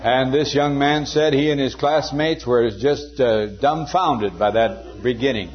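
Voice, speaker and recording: An older man preaching a sermon, telling stories earnestly and slowing down to quote scripture. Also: medium pitch. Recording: dull lo-fi sermon recording.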